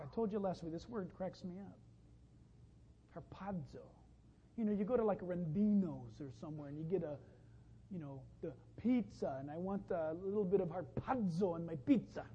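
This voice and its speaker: A man preaching a sermon as pastor, animated and punchy, with emphatic rises and wry jokes. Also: high-pitched, slight background noise. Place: church sanctuary. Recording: lo-fi, dull, long reverb from a church hall.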